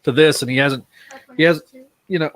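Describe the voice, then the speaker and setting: A man in a casual group video call, talking in halting, emphatic bursts. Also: fairly high pitch, steady tone, fairly bright tone.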